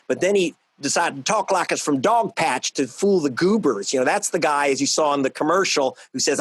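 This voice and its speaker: A man's voice: fairly high pitch, no echo. A man, a journalist guest in a panel discussion, talking emphatically with frequent restarts. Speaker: author and investigative journalist guest.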